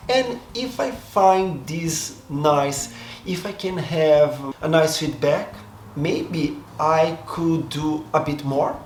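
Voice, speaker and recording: Seated in front of a camera, a Brazilian vlogger whose first language is Portuguese takes his time in a fairly high-pitched voice. His casual monologue is thoughtful and halting, often breaking off to restart and reconsider his words. Faint background noise and room echo are audible.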